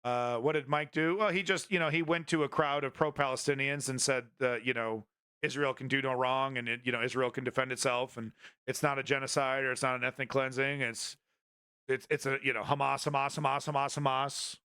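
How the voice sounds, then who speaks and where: A man's voice: medium pitch, fairly even intonation, a little fast, sharp tone, smooth. A man hosting a casual political commentary stream, blunt and rambling, swearing freely between clips. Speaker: news commentary host.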